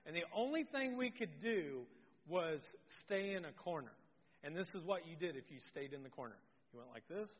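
Pastor, male, middle-aged, lively self-deprecating storyteller; high voice, muffled in a reverberant hall. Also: a little fast. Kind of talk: sermon. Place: church sanctuary. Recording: dull sound with long hall reverb.

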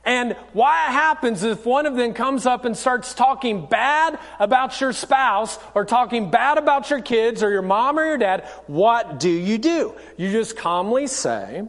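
A man's voice: very high-pitched, expressive, unhurried, few pauses, a bit bright, big-room sound. A man preaching a sermon as pastor, in a practical, conversational way and acting out short quotes.

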